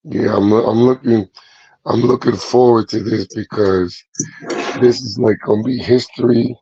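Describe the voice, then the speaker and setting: A man who coaches boxing, chatting calmly and easily as a guest on a livestream. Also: on the low side, measured pace, husky, no echo. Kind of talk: casual chat. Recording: muffled dry lo-fi audio.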